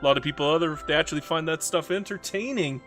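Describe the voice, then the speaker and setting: A man's voice: on the high side, fast talker, fairly bright tone, soft background music. A man casually commenting on a strategy game while streaming, rambling, mocking himself and reading chat messages aloud.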